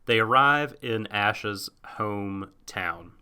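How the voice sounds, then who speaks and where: A man's voice: lowish voice, slow, pushed and bright, clear, resonant tone. A man co-hosting an anime podcast, talking casually and hesitantly. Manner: hesitant, many fillers and restarts. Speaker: podcast co-host.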